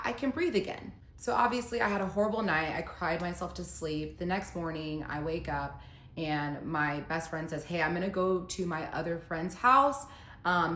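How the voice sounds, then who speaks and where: A woman's voice: fairly low pitch, fairly bright tone. A young adult woman candidly retelling a painful personal story in casual storytime style, quoting text messages with emotion. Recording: echoey room.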